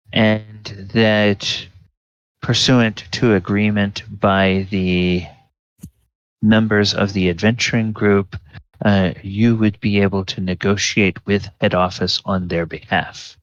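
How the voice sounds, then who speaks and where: Slow, low-voiced man narrating as game master. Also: fairly bright tone, smooth, no room sound, dull audio. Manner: unhurried narration with fillers.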